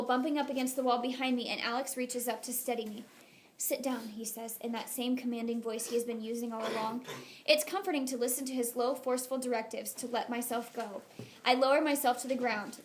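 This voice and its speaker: A woman reading a first-person novel aloud as an audiobook narrator, in a soft, intimate, unhurried way. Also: high voice, slight background noise.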